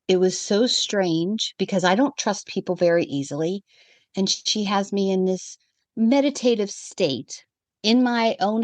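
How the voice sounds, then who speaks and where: Woman telling a lively personal story. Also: medium pitch, no echo. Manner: animated storyteller who acts out the quoted dialogue. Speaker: guest, evidential medium. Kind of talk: personal storytelling in a podcast conversation.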